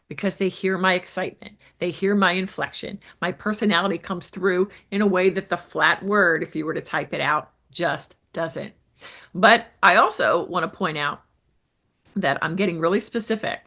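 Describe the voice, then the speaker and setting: Speaking to camera in a lowish, bright, forceful voice, a woman who coaches and hosts a show guides business owners on selling. She keeps an upbeat, emphatic energy and frequently asks "right?" to check in.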